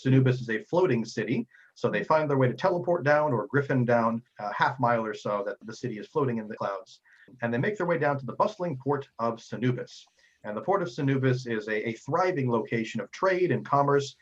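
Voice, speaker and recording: A man narrating a tabletop game as game master in a rambling, halting way with frequent fillers. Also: mid-range voice, slightly rough, dull audio.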